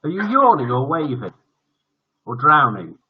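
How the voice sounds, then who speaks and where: A man's voice: medium pitch, huge pitch swings, a little slow, highs cut off. An older man hosting a live-streamed bedtime story show, chatting in a jokey, teasing way. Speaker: host.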